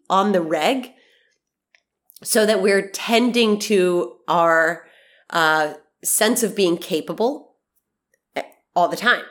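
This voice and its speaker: A woman in her thirties hosting a podcast in a casual monologue, bubbly and chatty, with a stuffy, nasal voice from allergies. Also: on the low side. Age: 30s. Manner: bubbly, chatty, swears casually, laughs often. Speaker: podcast host.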